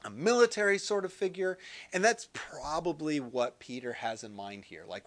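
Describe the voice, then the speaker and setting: A man teaching through a Gospel passage in a relaxed, conversational sermon style, reading scripture aloud and adding light jokes. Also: on the high side, normal speed. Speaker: Bible teacher.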